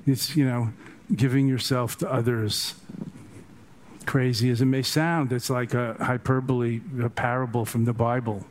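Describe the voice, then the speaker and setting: This older teacher delivers a dharma talk made of stories, meandering through meditation anecdotes with chatty, joking digressions for his group. He speaks at a normal speed with a medium pitch and a steady tone, over a slight hiss or hum.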